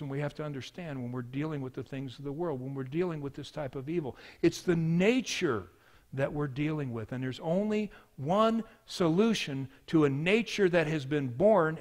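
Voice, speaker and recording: A man preaching a sermon as pastor, telling a story with swings from hushed to loud. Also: on the high side, moderate pace.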